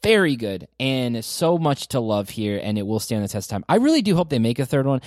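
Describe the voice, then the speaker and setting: An animated man in his forties hosts a casual movie podcast. He rambles with real enthusiasm. His voice sits close and dry on the mic, with no room sound. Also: mid-range voice, a little fast, no echo. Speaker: podcast host. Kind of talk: casual movie review chat.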